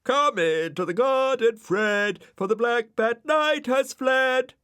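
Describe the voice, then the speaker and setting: A man voicing a nervous, silly male snail with a high, quavery, fussy voice. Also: very animated, normal speed. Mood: sing-song.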